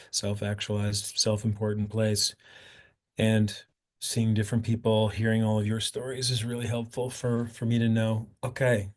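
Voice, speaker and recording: A man's voice: lowish voice, darkish tone. A man who works as a coach, speaking as a podcast guest on a video call, thoughtful and searching for words. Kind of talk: casual panel talk.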